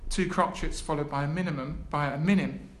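A man's voice: fairly high pitch, a little fast. Man giving a lecture. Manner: reads a prepared text, with hesitant asides. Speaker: academic speaker. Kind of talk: academic lecture. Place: lecture room. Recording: echoey room, faint background noise.

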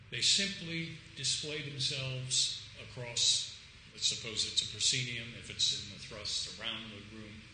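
A man giving an academic lecture, emphatic and animated, sometimes acting out quoted lines. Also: mid-range voice. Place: lecture room. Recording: echoey lecture room with faint noise.

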